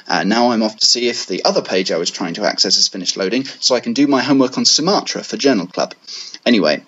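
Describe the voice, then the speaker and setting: Southern english guy, dry joking, lively pitch, lo-fi muffled pre-recorded sound. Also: breathy edge. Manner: dry, mock-formal humour. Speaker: podcast co-host. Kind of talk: pre-recorded comic message. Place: room in a bed and breakfast.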